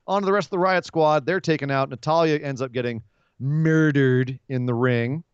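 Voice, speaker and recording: Rambling, animated male podcast co-host. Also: medium pitch, normal speed, clear, resonant tone, no echo, lo-fi sound. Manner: animated, rambling, explains at length with asides. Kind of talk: casual wrestling podcast chat.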